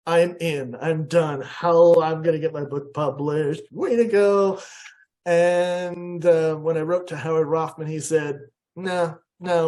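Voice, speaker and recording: American guy telling a story, kinda high pitched but mellow, acts out the quotes all squeaky. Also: measured pace. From USA. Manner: animated, acts out quotes with big pitch jumps. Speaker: guest speaker. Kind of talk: storytelling presentation.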